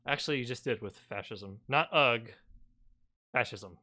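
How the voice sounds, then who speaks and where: A man's voice: medium pitch, unhurried, bright, forceful tone. A man giving sarcastic reaction commentary, swearing casually and filling his talk with "like" and "you know". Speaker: commentary YouTuber.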